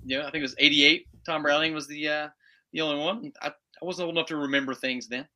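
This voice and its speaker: A man's voice: on the high side, fairly even intonation, fast talker, bright, forceful tone. A young man co-hosting a casual sports podcast, laid-back and wry. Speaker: podcast co-host.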